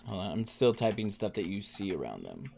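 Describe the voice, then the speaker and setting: Man, game master, casual chat, video call mic, halting fillers. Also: fairly low pitch, wildly swooping pitch, creaky, dark tone, a little hiss or hum. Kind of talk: narrating a tabletop game over video call.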